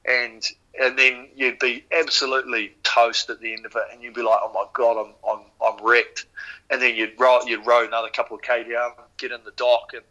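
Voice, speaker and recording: Bright-voiced New Zealand man telling stories. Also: mid-range voice, brisk, few pauses, lo-fi sound. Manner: animated, swears freely, many fillers. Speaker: podcast guest, former rower. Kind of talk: casual storytelling.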